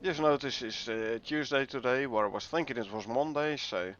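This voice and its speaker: A man's voice: mid-range voice, normal speed, lo-fi sound, slight background noise. A man from the Netherlands with a Dutch accent, chatting casually with viewers while he plays and explains a game. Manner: relaxed, chatty, greets viewers while playing. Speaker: gaming livestreamer. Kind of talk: casual livestream commentary.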